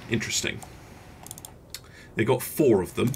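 Unhurried and gravelly, with a fairly low pitch, a man gives relaxed gameplay commentary for his gaming channel, weighing choices aloud with hesitant fillers. There is slight background noise.

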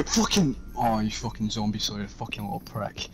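A man's voice: lowish voice, a little fast, hardly any pauses, noisy background. A man in gaming voice chat, aggressive and mocking. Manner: aggressive, mocking, bursts of yelling. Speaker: gamer in voice chat. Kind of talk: profane gaming banter.

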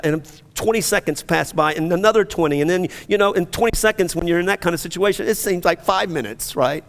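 A male pastor telling a story from the pulpit that builds into loud, passionate preaching. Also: on the high side. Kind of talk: sermon. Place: church sanctuary. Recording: long reverb of a church hall.

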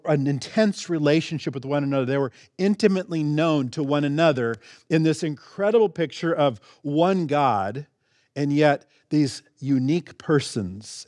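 A middle-aged male pastor preaching a sermon, conversational with restarts and asides, stressing key words with sudden jumps in pitch. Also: a little mellow, no echo, clean studio sound. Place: church sanctuary.

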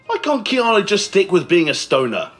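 A man with a high voice narrates a scripted countdown. His delivery swings up and down as he mocks his subjects with dry sarcasm. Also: wildly swooping pitch, normal speed, a bit bright, faint music behind. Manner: sarcastic, mocking. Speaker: list video narrator.

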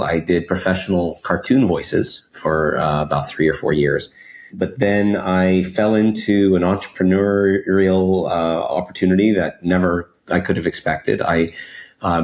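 A man in his forties, born in Mexico and raised in Los Angeles, telling his life story as an interview guest in an expressive, animated way, peppered with "you know". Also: deep voice. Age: 40s. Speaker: guest entrepreneur.

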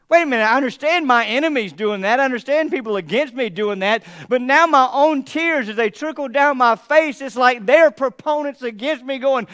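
A man pastor preaching a sermon, moving from hushed, heavy passages to emphatic, mocking asides. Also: very high-pitched, animated, normal speed, smooth.

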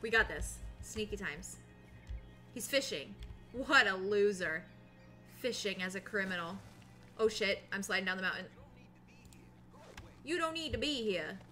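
A woman streamer gives excitable, foul-mouthed play-by-play of her own game, laughing often and panicking out loud. Her voice is bright and lively, swooping up and down, and faint game music plays behind her. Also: mid-range voice, measured pace, pauses often. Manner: excitable, swears a lot, narrates her own moves. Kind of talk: casual live gameplay commentary.

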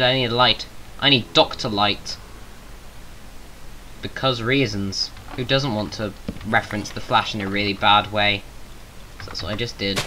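A man's voice: mid-range voice, pushed and bright, slight background noise, low-quality recording. A man with a Southern English accent, rambling through casual gameplay commentary with self-mocking jokey asides. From England. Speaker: gaming YouTuber.

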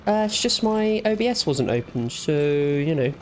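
Gamer, young man, slightly high voice, cheeky running commentary with faint background noise. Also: lively intonation, moderate pace. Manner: jokey, teasing, talks back to game characters. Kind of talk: let's play commentary.

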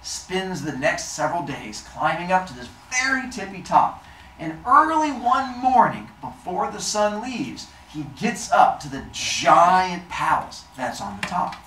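A man telling a myth to children in a lively, playful way. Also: sits high, a little slow, hardly any pauses. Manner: animated, playful. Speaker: storyteller. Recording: echoey room, distant mic, faint noise.

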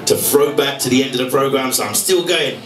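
A man's voice: medium pitch, fairly even intonation, brisk. A man doing stand-up comedy, telling a story with laughter and acting out voices. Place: comedy stage. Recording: roomy live club from far off with crowd.

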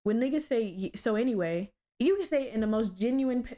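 A woman's voice: fairly high pitch, fairly quick. Blunt, profane young woman podcaster. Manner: blunt, profane and animated storytelling. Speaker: podcast host. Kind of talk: casual solo podcast chat.

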